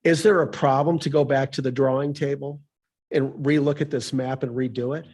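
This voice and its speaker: A man giving public testimony at a city council meeting, speaking hesitantly with pauses and restarts. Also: medium pitch, fairly even intonation, darkish tone, breathy edge. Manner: hesitant, many ums and restarts. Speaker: public commenter.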